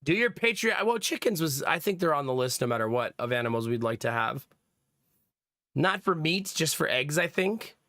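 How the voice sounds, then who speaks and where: A man's voice: on the high side, animated, moderate pace, bright, forceful tone, no room sound, studio quality. A young man hosting a livestream, chatting casually to his viewers, rambling from topic to topic and laughing often. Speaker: livestream host. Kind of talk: casual stream chat.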